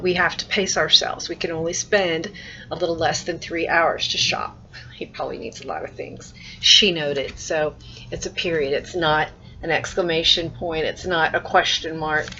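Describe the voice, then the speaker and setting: Bright-voiced woman teacher explaining reading fluency. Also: on the low side. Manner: explains through examples and acts out sample lines; repeats and restarts phrases while thinking aloud. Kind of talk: recorded mini-lesson. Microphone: laptop webcam mic. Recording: muffled lo-fi webcam recording.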